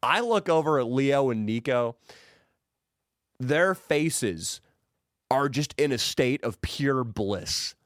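A man telling a crude story in a casual podcast chat, profane and animated. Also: takes it slowly, pauses often, no echo, studio quality. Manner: animated, profane, mimics people in high put-on voices. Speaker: podcast guest.

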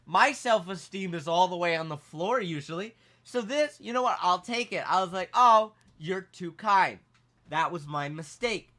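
A man co-hosting a podcast, telling a story in a casual, animated, self-mocking way. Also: high-pitched, normal speed, hardly any pauses. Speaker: podcast co-host.

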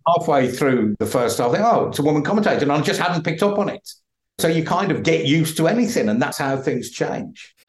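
A man's voice: on the high side, big pitch swings, fairly quick. A middle-aged man, chatting as a podcast guest and laughing through his stories. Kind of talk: casual chat. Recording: roomy echo.

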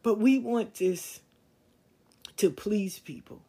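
A woman's voice: medium pitch, slow pace, warm tone, slightly rough. A middle-aged woman hosting a podcast, talking straight to her listeners in a blunt, emphatic, lecturing way, swearing freely. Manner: preachy, lecturing tone. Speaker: podcast host. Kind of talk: candid monologue to listeners.

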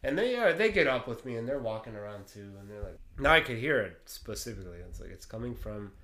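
Animated man with a bright voice. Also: medium pitch, quick pace. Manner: animated, swears, laughs through tense moments. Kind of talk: casual storytelling.

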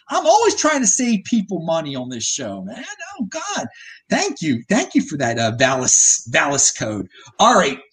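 A man hosting a casual podcast, joking around with his guests and often restarting his sentences. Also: high voice. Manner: joking, animated, many restarts. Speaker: podcast host.

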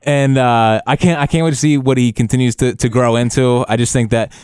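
A man's voice: medium pitch, fairly even intonation, fairly quick, a little mellow, clean tone, no room sound, studio quality. A young man co-hosting a casual sports podcast, talking eagerly and rambling with many restarts. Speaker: podcast co-host.

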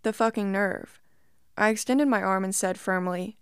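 Smooth-voiced woman reading creepy stories. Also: medium pitch, no echo, studio quality. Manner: steady, measured first-person reading. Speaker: story narrator. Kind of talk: scripted narration of reddit horror stories.

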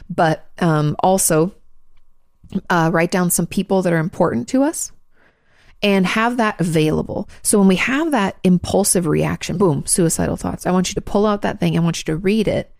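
A woman hosting a show, answering listener questions in a fast, chatty, frank advice talk and swearing now and then. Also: lowish voice, creaky, a little mellow, dry recording, studio quality.

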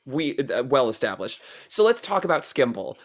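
A man's voice: mid-range voice, sing-song, moderate pace. A man co-hosting a podcast, gushing about a movie with enthusiasm and dry teasing in casual chat, recorded over a remote call. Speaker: podcast co-host.

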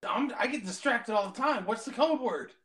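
A man's voice: very high voice, animated, normal speed, a bit bright. A man joking around as a player in a tabletop game. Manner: goofy, laughing. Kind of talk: casual tabletop role-play.

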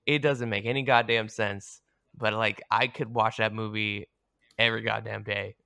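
Profane, bright-voiced man ranting. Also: on the low side, steady tone, normal speed, vocal fry, no echo, studio quality. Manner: profane, blunt hot takes. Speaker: podcast co-host. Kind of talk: casual podcast chat.

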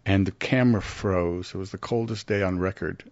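An older man, a guest actor, telling stories in a casual interview and acting out the quotes with big jumps in pitch. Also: fairly even intonation, moderate pace, a little mellow, no room sound. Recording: dry, slightly muffled studio audio.

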